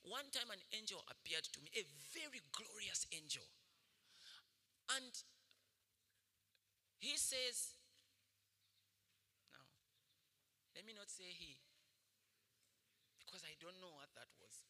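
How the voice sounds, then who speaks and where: A man, a senior pastor, preaching a sermon with animated storytelling and frequent laughter. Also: high voice, slow pace, long pauses. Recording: echoey hall reverb.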